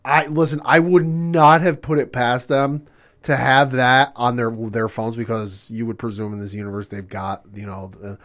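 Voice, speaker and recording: Podcast co-host dude, mid-pitched, dry sarcastic little jokes. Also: male voice, steady tone, moderate pace, fairly bright tone. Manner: wry, sarcastic asides and short agreements. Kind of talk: casual chat.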